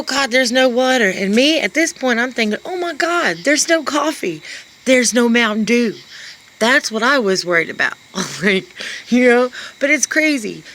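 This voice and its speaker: A woman's voice: medium pitch, a bit bright, slight background noise, poor audio. A woman ranting to the camera, sarcastic and exasperated, laughing often between lines. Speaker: vlogger.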